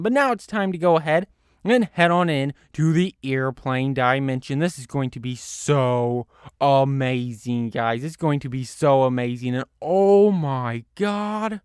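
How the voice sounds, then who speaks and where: A man hosting a gaming channel, giving gameplay commentary in a gushing, over-the-top excitable way, piling on superlatives with big swings in pitch and loudness. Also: clean tone, dry recording, clean studio sound.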